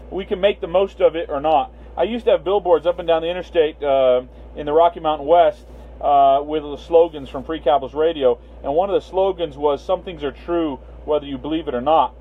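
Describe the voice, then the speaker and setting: His pitch is fairly high and his delivery brisk as he hosts a casual livestream from Las Vegas. He rambles with many fillers and says hello to viewers by name over tinny, phone-line audio with a faint hiss.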